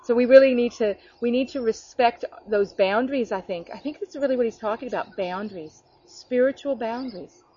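A woman's voice: fairly high pitch, a little fast, few pauses, dark tone, lo-fi sound. A woman preaching an informal, earnest sermon to an online group, talking conversationally with restarts and acting out quotes.

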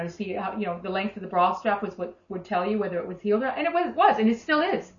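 A woman with an Australian accent preaching a sermon, telling stories in a chatty, animated way. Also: a little high. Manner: conversational, animated storytelling with acted quotes. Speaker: minister. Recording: echoey room, dull lo-fi sound.

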